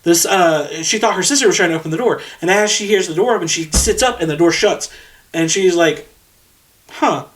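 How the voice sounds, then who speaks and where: A man's voice: high-pitched, fairly quick, fairly bright tone, far from the mic. A man co-hosting a podcast, casually retelling a film's scenes step by step and swearing freely. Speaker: podcast co-host. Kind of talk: casual film discussion.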